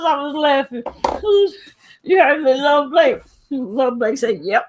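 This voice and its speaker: Very high-voiced woman laughing through chat. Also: takes it slowly, a little hiss or hum. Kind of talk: casual chat.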